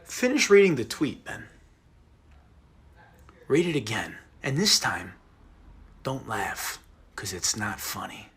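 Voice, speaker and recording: Intense husky man lecturing deadpan. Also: lowish voice, slow pace, long pauses. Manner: intense, lecturing, swings between hushed whispers and loud outbursts. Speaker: comedy sketch creator.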